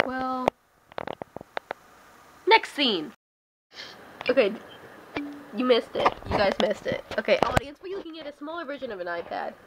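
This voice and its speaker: A woman's voice: mid-range voice, a bit bright. A teenage girl rambling and giggling through a casual home vlog, self-deprecating and chatty. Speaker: vlogger. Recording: noisy old home video camera.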